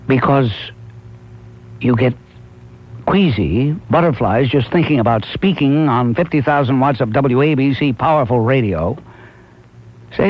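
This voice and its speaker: A man's voice: medium pitch, a little slow, pauses often. Man, call-in radio host, emphatic, muffled lo-fi broadcast sound. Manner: emphatic, exhorting listeners. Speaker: radio talk show host. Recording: muffled lo-fi 1990s AM radio recording.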